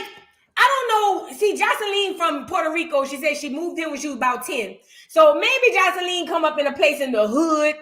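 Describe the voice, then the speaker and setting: A woman hosting a reaction show, giving blunt, profane, animated commentary in a casual way. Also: high-pitched.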